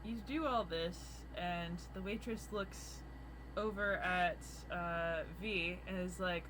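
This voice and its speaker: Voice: mid-range voice, steady tone, slow, noisy background. A game master narrating a tabletop game with rambling, filler-heavy narration.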